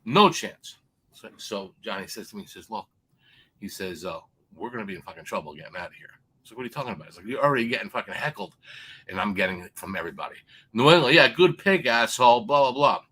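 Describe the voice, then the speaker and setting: A man's voice: sits low, animated, fast, a little hiss or hum. A man on a sports betting show, telling a long, profane story and acting out the other people in it. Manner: loud, swearing, acts out quoted people.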